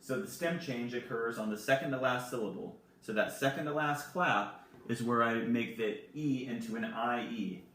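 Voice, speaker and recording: A man's voice: medium pitch, moderate pace, fairly bright tone, distant mic. Patient man teaching in an echoey room. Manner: patient, spells words out letter by letter. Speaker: Spanish teacher. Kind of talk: recorded classroom lesson.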